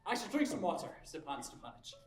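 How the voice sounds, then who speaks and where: A man's voice: sits high, sing-song, fast. A man playing a nervous, anxious male suitor in his thirties, stammering and flustered, in a stage play. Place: theater stage. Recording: roomy stage from far off, music behind.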